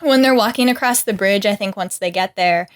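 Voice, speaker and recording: A woman's voice: medium pitch, brisk. A woman co-hosting a casual podcast chat, laughing often and filling with "like". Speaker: podcast co-host.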